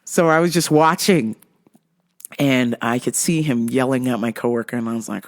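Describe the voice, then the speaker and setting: A woman's voice: very deep voice, normal speed. A woman hosting a comedy show, telling a story with lots of profanity and acting out the dialogue. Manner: profane, animated, acts out dialogue. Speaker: host.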